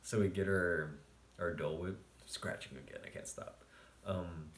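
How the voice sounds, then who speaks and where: A man quietly telling a casual storytime vlog late at night at home, keeping his voice down and laughing often. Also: low-pitched, fairly even intonation, normal speed, roomy sound, slight background noise. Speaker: vlogger.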